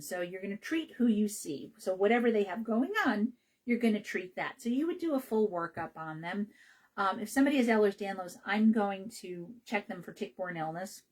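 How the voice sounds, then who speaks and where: A woman's voice: medium pitch, slightly rough, poor audio. A woman hosting a health radio show, talking casually about naturopathic care in a chatty, rambling way with many fillers and restarts.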